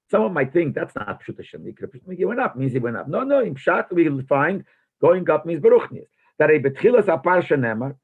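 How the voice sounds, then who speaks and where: A man's voice: on the high side, breathy edge. A rabbi teaching a text-study class. He reads a phrase aloud, then translates and explains it, posing questions as he goes. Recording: tinny phone-like lo-fi recording.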